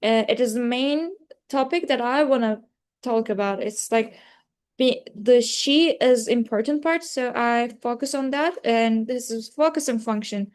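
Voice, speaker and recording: High-voiced Turkish-accented young woman presenting. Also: a little slow, darkish tone. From Turkey. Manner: hesitant, many fillers and self-corrections. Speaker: student presenter. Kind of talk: class presentation.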